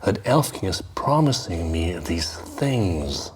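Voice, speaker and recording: A man's voice: sits low, big pitch swings, slow, darkish tone, a little hiss or hum, full character voice. A man reading as a frightened little boy. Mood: pleading. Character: frightened young boy riding with his father.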